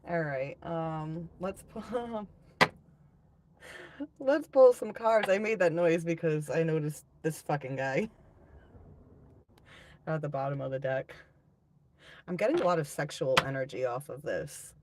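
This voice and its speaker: A woman's voice: deep voice, moderate pace, pauses often, noisy background. A woman hosting a live tarot-reading stream, chatting casually with viewers, reading out their comments and swearing freely.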